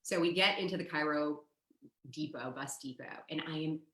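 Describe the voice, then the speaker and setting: An American woman with a low, deep-set voice tells a personal story with lively energy, slipping into "like" and "you know" as she goes. The sound is roomy, with a noticeable echo around her. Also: normal speed. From United States. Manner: lively, acts out quoted dialogue, frequent "like" and "you know". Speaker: storytelling guest.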